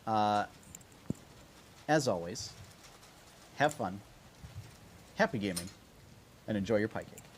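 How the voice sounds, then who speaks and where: Slow, low-voiced man running a game. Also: lively intonation, slight background noise. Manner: unhurried, loose with fillers. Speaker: game master. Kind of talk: narrating a tabletop game.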